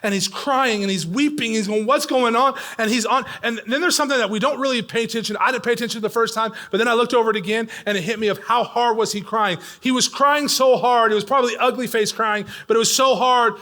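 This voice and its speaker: A middle-aged man preaches to a church congregation in a high, bright voice. He moves between loud, urgent appeals and quiet, nearly whispered moments. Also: fast talker, hardly any pauses. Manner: swings from loud and pressing to hushed and near whispering. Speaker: pastor. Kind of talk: sermon. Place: church sanctuary.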